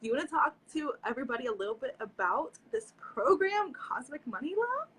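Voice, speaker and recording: A woman's voice: high-pitched, sing-song, a little fast, a bit bright, rough recording. A woman astrologer co-hosting a casual chat, encouraging and affirming the other speaker. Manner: encouraging listener, frequent affirming murmurs. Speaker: astrologer, co-host.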